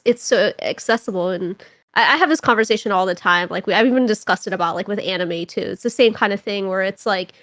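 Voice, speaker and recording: A young woman from Toronto, a podcast guest telling stories in casual chat, animated and rambling, with constant filler words. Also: mid-range voice, dry recording. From Toronto, Canada.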